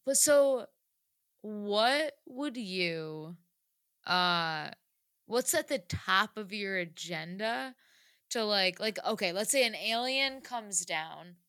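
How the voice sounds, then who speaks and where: A woman's voice: mid-range voice, expressive, very slow, bright, forceful tone, clean tone, no room sound. A woman chatting casually on a podcast, giggly and full of fillers. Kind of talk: casual chat.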